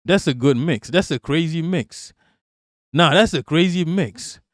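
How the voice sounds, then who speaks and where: A man's voice: a little high, measured pace, dry recording, clean studio sound. A man hosting a casual political livestream, talking bluntly and profanely and laughing as he reacts to chat. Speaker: livestream host.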